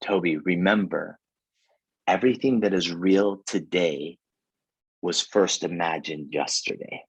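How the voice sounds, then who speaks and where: A man voicing a wise, gentle storybook toy rabbit who speaks earnest encouragement, in a low, husky voice. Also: measured pace, no room sound, dull audio, full character voice.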